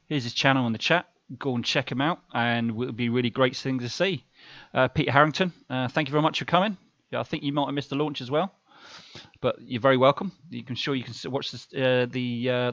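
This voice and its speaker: A man's voice: mid-range voice, a bit bright, no echo, highs cut off. A man hosting a casual live stream, rambling along with many fillers and restarts.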